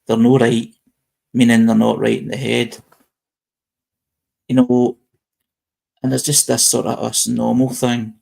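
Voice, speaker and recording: British male host, very gravelly voice, casual rambling live-chat delivery. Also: medium pitch, little pitch movement, a little slow, pauses often, darkish tone. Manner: rambling, reads posts aloud with frequent restarts.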